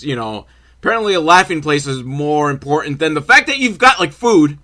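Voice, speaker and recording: A man's voice: mid-range voice, pushed and bright. A man giving a sarcastic, profane comedic film recap, full of rambling asides. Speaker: comedy reviewer.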